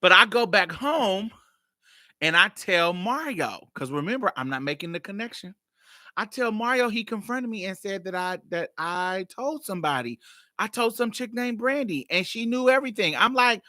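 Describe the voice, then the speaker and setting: A woman podcast host telling a personal story in a blunt, profane, animated way. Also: mid-range voice, moderate pace, no room sound, clean studio sound. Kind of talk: casual storytelling.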